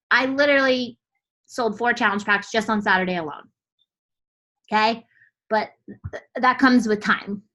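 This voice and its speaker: A woman's voice: on the high side, normal speed, long pauses, sharp tone, poor audio. A woman coach giving a motivational team training talk, fired up and blunt, casual with swearing and lots of "like" fillers.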